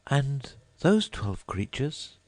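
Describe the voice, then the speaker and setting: A man's voice: medium pitch, very animated, extremely slow, a little mellow, no echo, voice pushed up, full character voice. A man voicing a curious, prim little girl who chatters to herself. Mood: musing.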